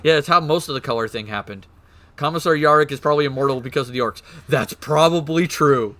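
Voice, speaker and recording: A man streaming, excitedly explaining game lore in casual chat, swearing and laughing. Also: fairly high pitch, fast.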